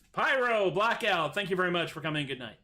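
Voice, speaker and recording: A man's voice: a little high, animated, fast talker, pushed and bright. A man hosting a livestream music show, chatting casually and goofily between his songs in a rambling, self-deprecating way at home. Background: acoustic guitar playing.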